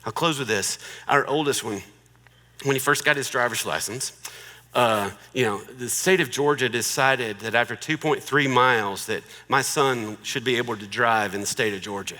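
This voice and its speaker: A man's voice: mid-range voice, moderate pace, long reverb tail. A middle-aged man giving a humorous marriage talk in a joking, conversational way. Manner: joking, conversational, warmly persuasive. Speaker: marriage speaker.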